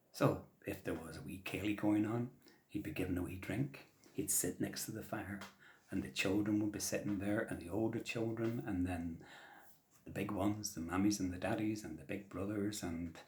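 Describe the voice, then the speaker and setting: A man telling traditional stories to children in a gentle, soft-spoken way that often drops to a whisper. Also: low-pitched, slight background noise. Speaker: traditional storyteller. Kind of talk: storytelling for children.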